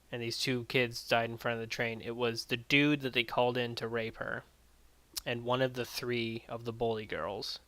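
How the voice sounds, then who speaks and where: A man's voice: medium pitch, fairly bright tone, clean tone, no room sound. A man giving a blunt, exasperated casual spoken review of an anime. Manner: blunt and exasperated, retells plot with quoted voices.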